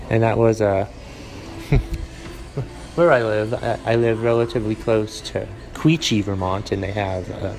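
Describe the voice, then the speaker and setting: New guy rambling on his own podcast, deadpan, medium voice, lots of uhs. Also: mid-range voice, poor audio. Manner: rambling, deadpan, many fillers and restarts. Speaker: podcast host. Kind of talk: casual solo podcast monologue.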